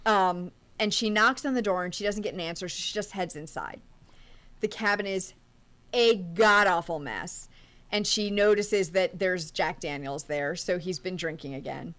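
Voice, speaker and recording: A woman co-hosting a movie podcast, walking through the plot scene by scene in a casual, animated way. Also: fairly low pitch, normal speed. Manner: recaps plot in detail, animated. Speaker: podcast co-host.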